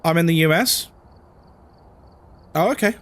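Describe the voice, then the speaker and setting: A man with a London accent chats casually while streaming a game, answering his viewers' comments as he goes. His voice sits a little high. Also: measured pace, fairly bright tone. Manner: chatty, answers chat comments. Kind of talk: live-stream chat while gaming.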